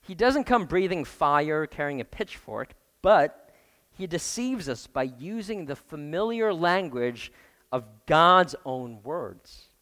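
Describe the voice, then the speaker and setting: A man's voice: on the high side, sing-song, takes it slowly, a bit bright, in a large hall. A man preaching a sermon as pastor, emphatic, often putting questions to the congregation. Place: church.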